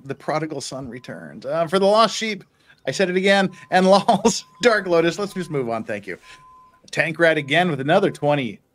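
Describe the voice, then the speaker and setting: A male host with a slightly raised, very animated voice, joking his way through viewer messages. He talks casually and chuckles often, bouncing his pitch all over the place. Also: normal speed. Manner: jokey, teasing, chuckles often. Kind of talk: casual live-stream commentary.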